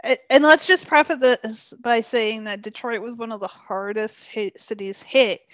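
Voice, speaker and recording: A woman's voice: a little high, normal speed, fairly bright tone, dry recording. A young woman co-hosting a casual chat podcast, breezy and laughing often as she lays out context. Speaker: podcast co-host.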